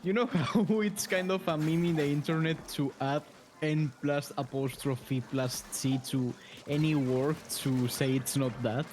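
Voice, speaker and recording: A man's voice: fairly high pitch, fairly even intonation, a little slow, a little mellow, slight background noise. Hesitant European man. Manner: hesitant, restarts words, curious questions. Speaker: co-streamer. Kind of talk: casual chat while gaming.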